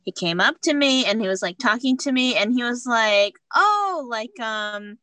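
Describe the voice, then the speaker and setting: American woman, podcast guest, bright voice, slightly high, candid storyteller. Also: fairly quick, no room sound. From United States. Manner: candid, laughing, acts out dialogue. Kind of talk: casual storytelling.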